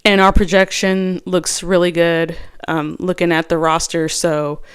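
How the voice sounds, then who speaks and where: A woman's voice: on the low side, flat delivery, measured pace, clear, resonant tone. A woman host chatting casually and alone about her fantasy football picks, rambling with lots of restarts and fillers. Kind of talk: casual solo chat.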